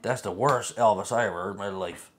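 A man's voice: lowish voice, quick pace. An Australian man co-hosting a live stream, chatting casually, laughing often and thanking viewers. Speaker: livestream co-host.

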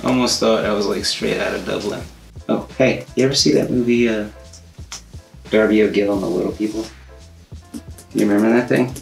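Goofy craft guy cracking jokes, gravelly voice, echoey room w/ music playing. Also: on the low side, fairly even intonation, a little fast, pauses often. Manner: joking, playful, goofy asides. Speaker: co-host of a crafting channel. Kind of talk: casual crafting chat.

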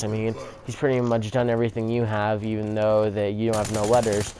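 A young man tells a rambling story-time vlog while gameplay gunfire plays behind him. He curses a lot and says "like" constantly, speaking in a level, medium-pitched voice at a moderate pace.

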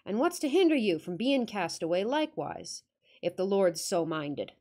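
A woman's voice: medium pitch, very animated, normal speed, darkish tone. Woman putting on a growling, sulky old man. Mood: grumbling surly. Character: surly old man servant with a lantern.

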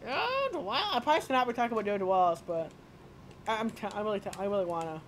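A woman's voice: mid-range voice, very fast, a little hiss or hum. A woman with a lisp doing rambling, profane let's play commentary, often yelping and shrieking. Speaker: gaming video creator.

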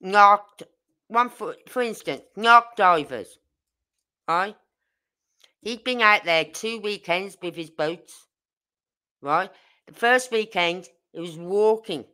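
Rambling woman with a bright voice. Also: mid-range voice, takes it slowly, long pauses. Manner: rambling, indignant, reads viewer comments. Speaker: true crime channel host. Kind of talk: casual livestream chat.

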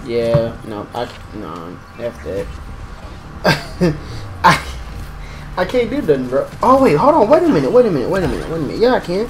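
A young man giving excitable live commentary while playing a game, exclaiming and talking to himself. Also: a little high, normal speed, pauses often, slight background noise, poor audio. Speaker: gaming streamer.

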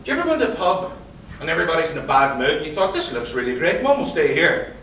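A man with a slightly raised voice gives a lively motivational talk, mixing stories with questions for the room. His voice carries through a big echoing hall. He sounds a little distant from the microphone. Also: a little high, quick pace, slight background noise. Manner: lively storyteller, quizzes the audience. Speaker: conference speaker and psychologist. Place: event hall. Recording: roomy hall, distant pickup.

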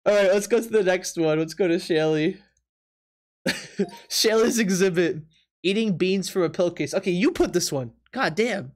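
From his apartment, a man with a high-pitched voice streams live at a normal speed, chatting casually with viewers. He laughs often, reacts with disbelief, and teases his chat.

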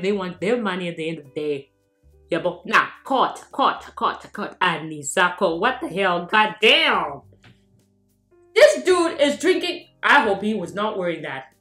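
South african woman vlogging, teasing and laughing a lot, bright voice, echoey room. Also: fairly low pitch. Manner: mocking, laughing often, switching between English and local languages. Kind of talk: casual commentary vlog.

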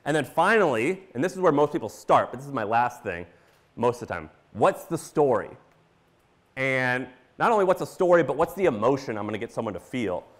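A man from Missouri giving a casual conference talk, animated and full of fillers, acting out his own reactions as he tells stories. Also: mid-range voice, a little fast. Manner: animated, storytelling with quoted reactions and filler words. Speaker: conference speaker.

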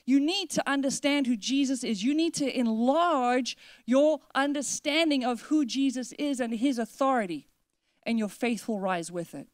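A woman pastor delivers an emphatic sermon in a fairly high voice. She stacks repeated declarations and slows down to let key phrases land. The sound is dry and close. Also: darkish tone, dry recording. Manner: emphatic preaching with repeated declarations, slowing for weight. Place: church.

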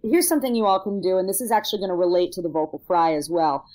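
A woman opera singer and vocal coach talking casually on a podcast, explaining in a lively way and laughing now and then. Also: on the low side, racing, rough recording.

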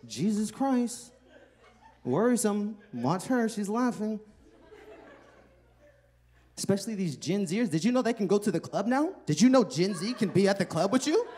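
A stand-up comedian in his thirties, working a club stage with a handheld mic. His voice sits a little higher than most men's. He talks loose and profane, half chatting with the room and often breaking into laughter at his own lines. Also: a little mellow. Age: 30s. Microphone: handheld microphone.

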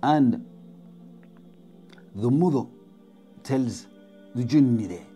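A man's voice: medium pitch, measured pace, mellow, faint music behind. A man telling a spooky story in a dramatic way, repeating words and dropping to whispers. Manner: dramatic, repetitive, drops to whispers. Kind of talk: spoken storytelling.

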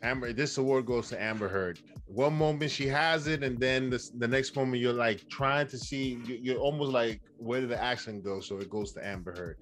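A man's voice: medium pitch, moderate pace, few pauses, a bit bright, a little hiss or hum. A man co-hosting a film podcast in casual chat, hesitant, with many ums and uhs.

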